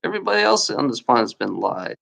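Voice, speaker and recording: A man's voice: medium pitch, sing-song, quick pace, gravelly, fairly bright tone. A man venting angrily in a rambling, profane video rant, repeating himself often and saying he has been lied to. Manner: angry, feels lied to. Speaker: YouTuber.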